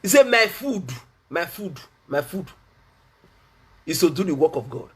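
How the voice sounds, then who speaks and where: A man's voice: high voice, sing-song, measured pace, husky. A Nigerian man preaching as a pastor, fervent, repeating his phrases and laughing between lines. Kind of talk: preaching a sermon.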